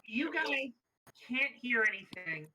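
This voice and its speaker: A man narrating as game master of a tabletop game, halting often with fillers. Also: very high voice, big pitch swings, pushed and bright, a little hiss or hum, rough recording. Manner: hesitant, filler-heavy.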